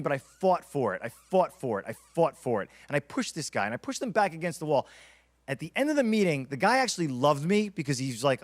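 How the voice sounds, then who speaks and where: Brief: male keynote speaker, quick delivery, slightly higher voice, lively storyteller. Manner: energetic, storytelling, acts out quotes. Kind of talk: conference keynote talk.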